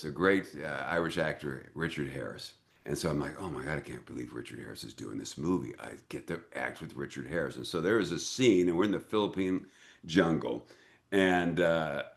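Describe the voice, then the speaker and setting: An older American man, an actor and director, telling lively anecdotes in an interview and acting out the voices in them. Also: sits low. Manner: animated storyteller who acts out quoted voices. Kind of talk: casual interview storytelling.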